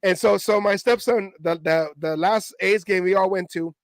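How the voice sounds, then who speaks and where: Sex: man. Origin: Oakland area. Role: sports podcast co-host. Style: casual storytelling. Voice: high, dry. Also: normal speed, no room sound. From Oakland area, California. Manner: animated, acts out chants in his stories.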